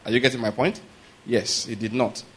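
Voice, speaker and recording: A man preaching a conversational sermon, often pausing to ask whether listeners are following and chuckling through anecdotes. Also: medium pitch, fairly even intonation, slightly rough. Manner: checks in with "are you getting my point?" and "all right?".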